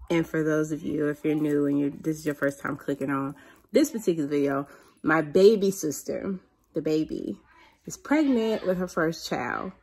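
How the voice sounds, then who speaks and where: A mother who vlogs chats casually to camera, animated and given to high squeals of excitement.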